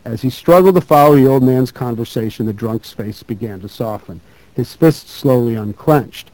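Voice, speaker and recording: A man giving a talk who reads a true story aloud in a measured, thoughtful way. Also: medium pitch, darkish tone, no room sound, poor audio. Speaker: speaker.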